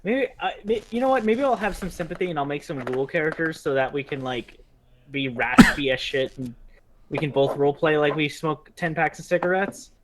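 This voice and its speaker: A man's voice: a little high, brisk, slight background noise, poor audio. A man running a tabletop game as its game master, chatting casually, swearing freely and laughing often.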